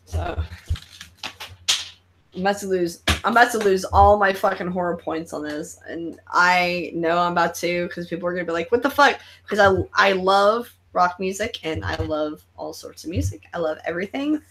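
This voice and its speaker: A young woman hosting a live stream, telling stories in an excitable, swearing, animated way. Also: on the low side, normal speed, slight background noise. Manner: excitable, swearing, animated storytelling with acted-out quotes. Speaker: host. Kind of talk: casual live-stream chat.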